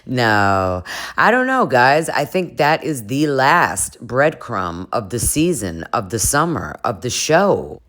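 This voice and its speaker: A woman's voice: rumbling low, big pitch swings, slow, fairly bright tone. A woman casually recapping a reality show in a chatty, gossipy way, with laughing asides. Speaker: recap vlogger.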